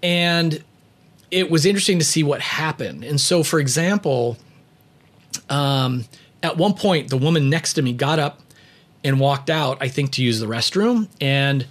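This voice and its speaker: A man talking about leadership and personality in a casual storytelling monologue, with lots of "you know" fillers and light chuckles. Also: on the high side. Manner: conversational, many "you know" fillers, chuckles while telling.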